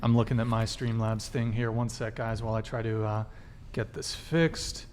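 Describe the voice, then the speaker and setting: A man's voice: on the low side, completely flat delivery, brisk, darkish tone, slight background noise. A man hosting a live stream, chatting casually while sorting out technical problems. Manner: distracted, fixing stream tech while talking. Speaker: livestream host.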